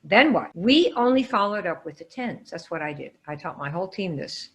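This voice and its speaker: An energetic woman leads a live online coaching class. She quizzes her listeners and calls on them by name, keeping the pace brisk and engaging. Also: on the low side. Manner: lively, quizzing the audience. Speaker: sales trainer.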